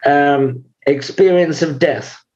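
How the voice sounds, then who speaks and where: An older man being interviewed as a guest, speaking in a measured, unhurried way with frequent pauses. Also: on the high side, a little mellow, dull audio. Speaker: guest, author and lama. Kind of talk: conversational interview.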